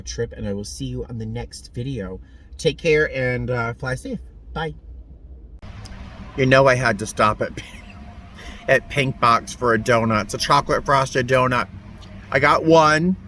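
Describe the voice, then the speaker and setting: Chatty, halting man vlogging. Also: lowish voice, recorded from a distance. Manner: rambling, halting, full of fillers and restarts; gentle and sentimental. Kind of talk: casual vlog chat to camera.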